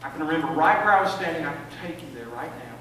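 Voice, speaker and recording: Older pastor preaching, high-ish voice, lots of church echo, mic kinda far off. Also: male voice, expressive, fast, background noise. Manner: storytelling, repeats words when building up. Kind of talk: sermon. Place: church sanctuary.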